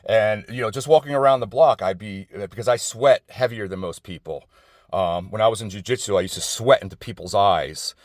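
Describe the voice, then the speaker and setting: A man's voice: fairly low pitch, brisk, no room sound, studio quality. A middle-aged man, talking outdoors in a rambling, digressive, profane personal monologue full of restarts. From New Jersey. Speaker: vlogger. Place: outdoors outside an office building.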